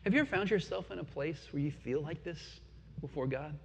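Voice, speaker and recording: A man preaching a sermon in an earnest, reflective way, asking the listeners questions and dropping to quiet pauses. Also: fairly high pitch, vocal fry, slight background noise. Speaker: pastor. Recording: dull lo-fi sound with long hall reverb.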